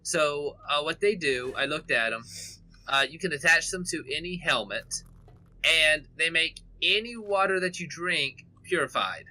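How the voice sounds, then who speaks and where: A man's voice: fairly high pitch, animated, a little slow, sharp tone. A man hosting a co-op gaming session, casually explaining game mechanics to his friends. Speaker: co-op gameplay host. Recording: faint background noise.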